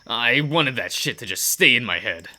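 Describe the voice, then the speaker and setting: A man voicing a gruff, guarded young male biker who swears bluntly and speaks in halting bursts. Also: mid-range voice, lively intonation, bright, forceful tone. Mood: brooding. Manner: blunt, curses, halting apologies.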